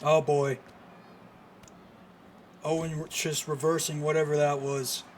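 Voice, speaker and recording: Excitable man calling wrestling play-by-play. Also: fairly high pitch, slow pace, slight background noise. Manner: excitable, frequent exclamations. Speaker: streamer commentator. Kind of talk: live wrestling play-by-play commentary.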